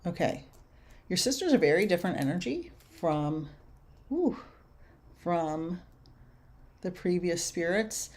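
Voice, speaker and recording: An older woman working as a medium, giving readings and answering viewer questions on a livestream in a slow, musing way with soft laughs. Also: fairly low pitch, expressive.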